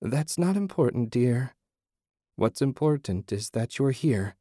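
A man's voice: mid-range voice, lively intonation, a little slow, warm tone, no room sound, clean studio sound. A man doing a pleasant, knowing disembodied voice. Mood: soothing, knowing. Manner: soothing, teasing, speaks in riddles.

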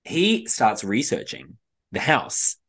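A man with a low-pitched voice tells a story in a casual podcast chat. His delivery is animated, with quoted lines acted out and frequent laughter. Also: slow, creaky. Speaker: podcast co-host.

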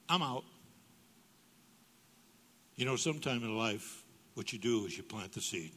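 An older guest speaker in a church sanctuary tells humorous sermon stories in an animated, mid-range voice that is fairly bright and husky, at a moderate pace with long pauses. He acts out dialogue with big jumps in his voice, and the hall reverberates.

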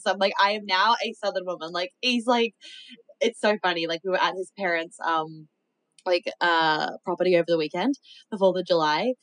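A woman's voice: fairly low pitch, fairly quick, a bit bright, dry recording, poor audio. A woman co-hosting a podcast in casual chat, talking freely with frequent swearing and laughs. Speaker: podcast co-host. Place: home in the American South.

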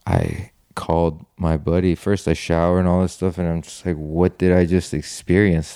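Man, very low smooth voice, casual rambling storyteller, dry close sound. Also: dark tone, no echo. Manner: rambling, heavy on "like" and "you know", swears casually. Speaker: guest telling his story.

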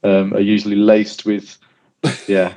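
A man's voice: on the low side, completely flat delivery, a little slow, mellow. A man hosting a podcast in casual chat, rambling and laughing easily. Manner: chatty, rambling, laughs often. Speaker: podcast host. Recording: dull lo-fi audio.

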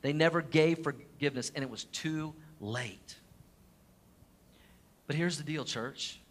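A middle-aged man as pastor, preaching a sermon and telling a personal story earnestly, his voice dropping soft at the tender moments. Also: on the high side, a little slow, a little hiss or hum. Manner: earnest personal storytelling, drops to a soft hush at emotional points.

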